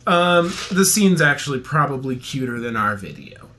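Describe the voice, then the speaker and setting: A man's voice: mid-range voice, big pitch swings, moderate pace, pushed and bright, a little hiss or hum. A young man co-hosting a podcast, telling a long story in casual chat, rambling and jokey, laughing often. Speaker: podcast co-host.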